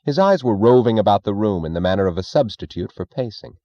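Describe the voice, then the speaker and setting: A man narrating an audiobook in a steady, deliberate reading. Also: fairly low pitch, no room sound, highs cut off.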